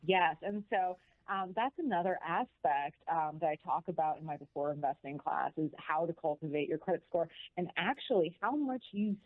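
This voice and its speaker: A woman guest on a radio interview, an animated and emphatic storyteller talking about money. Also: fairly low pitch, moderate pace, no echo. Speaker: guest, financial educator. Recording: tinny phone line.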